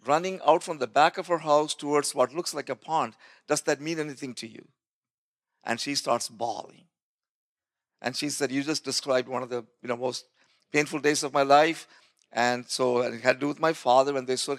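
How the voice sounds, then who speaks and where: A man's voice: fairly high pitch, moderate pace, fairly bright tone. A male pastor telling a personal testimony in a sermon, acting out what others said and often restarting his words. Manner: storytelling, acting out quoted voices with laughs.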